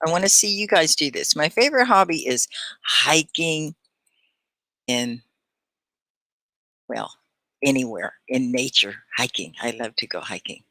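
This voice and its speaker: A woman's voice: very deep voice, animated, bright, forceful tone, dry recording. A woman from Texas with a Texan accent, teaching a live online English lesson in an encouraging, instructive way. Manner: encouraging, instructive, slow for learners. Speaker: ESL teacher.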